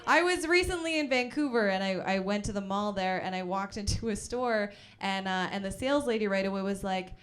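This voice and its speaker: A woman's voice: medium pitch, brisk, few pauses. A young woman from Calgary doing a self-deprecating, rambling stand-up set at a house party. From Calgary, Canada. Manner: self-deprecating, rambling, full of fillers and giggles. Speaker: stand-up comic.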